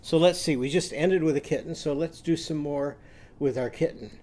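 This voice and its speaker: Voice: mid-range voice, normal speed, dark tone. A literacy teacher giving a children's lesson, explaining sounds in a patient, step-by-step way.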